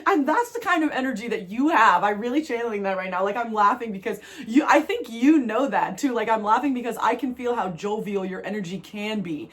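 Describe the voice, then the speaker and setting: A woman from New Jersey giving a spiritual tarot reading, talking to viewers in an animated way, repeating phrases for emphasis and laughing often. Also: on the high side, brisk, hardly any pauses. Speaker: tarot reader.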